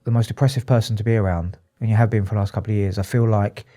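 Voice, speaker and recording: A man, a psychotherapist, talking candidly and emotionally in an interview, halting and restarting often. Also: lowish voice, fairly even intonation, mellow. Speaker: psychotherapist and addiction specialist, guest.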